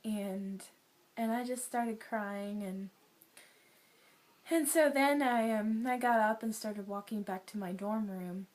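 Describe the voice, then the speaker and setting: A young adult woman giving an earnest, emotional personal faith testimony, often sighing and dropping to a soft near-whisper. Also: mid-range voice, slow. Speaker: guest sharing a testimony.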